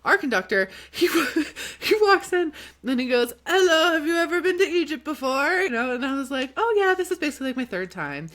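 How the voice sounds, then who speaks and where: A woman co-hosting a podcast, chatting about a trip in a giggly, lively way and laughing as she tells her stories. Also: high voice, moderate pace, few pauses. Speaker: podcast co-host. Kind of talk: casual travel storytelling chat.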